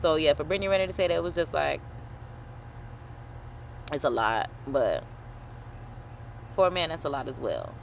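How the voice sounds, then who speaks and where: A woman host chatting casually while reacting to a video, animated and slangy, swearing and calling listeners honey. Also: low voice, moderate pace, creaky, long pauses, slight background noise. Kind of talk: casual chat.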